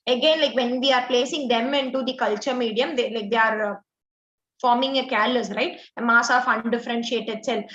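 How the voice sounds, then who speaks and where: Walking students through exam answers step by step, a woman with a fairly high, slightly bright voice keeps dropping in "like" and "uh." The lo-fi audio sounds dull and echoey.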